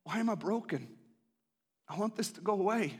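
A man voicing the prophet Hosea, a fed-up young husband who whines and shouts. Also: sits high, animated, moderate pace, breathy edge. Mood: anguished. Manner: whiny complaining, then shouting with glee.

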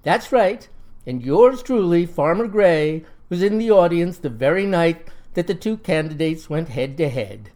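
A man's voice: fairly high pitch, measured pace. Southern man, comic folksy narrator, dry and mock-serious. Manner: folksy, deadpan, mock-solemn. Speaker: storyteller.

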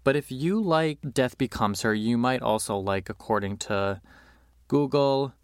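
A man's voice: medium pitch, measured pace, clean tone, dry recording, clean studio sound. A man hosting a podcast, chatting casually and animatedly about movies, with lots of fillers, and acting out quotes. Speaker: podcast host.

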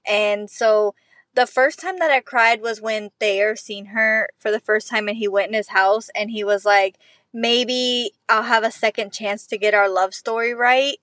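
A woman's voice: mid-range voice, fairly even intonation, measured pace, fairly bright tone, no room sound. A middle-aged woman co-hosting a book podcast, chatting casually and emotionally, swearing freely as she gushes. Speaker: podcast co-host.

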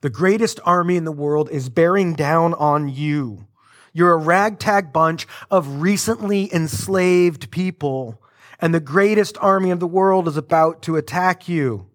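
Male pastor, higher voice, animated and conversational from the pulpit. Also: a little slow. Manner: conversational, animated, with asides to the congregation. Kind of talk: sermon.

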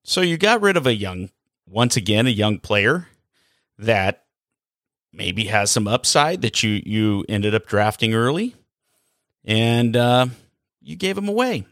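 A man giving a casual, animated opinion rant as a hockey vlogger, full of sarcasm and rhetorical questions. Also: on the low side, a little slow, pauses often, dry recording, clean studio sound.

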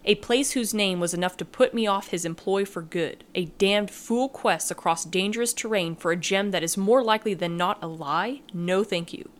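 A woman reading a first-person adventure story aloud with dramatic, measured delivery. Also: medium pitch. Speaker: story narrator.

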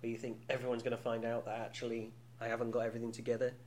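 A man's voice: mid-range voice, monotone, racing, a little mellow, a little hiss or hum. A man in his thirties co-hosting a podcast, talking candidly in casual chat with many restarts and frequent laughs. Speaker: podcast co-host.

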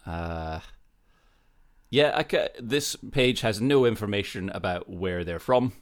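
A man co-hosting a casual comedy chat, hesitant and quick to laugh. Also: lowish voice, expressive. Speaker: co-host.

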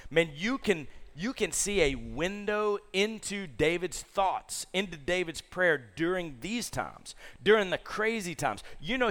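A man preaching to young people as a youth pastor, telling the story in a lively, casual way and asking the audience questions. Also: fairly high pitch.

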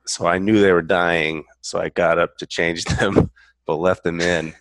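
Deep, gravelly man on earbuds, apologetic and halting, emotional after crying. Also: little pitch movement, no echo. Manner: apologetic, soft-spoken, halting. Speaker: podcast guest. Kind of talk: casual chat on a call.

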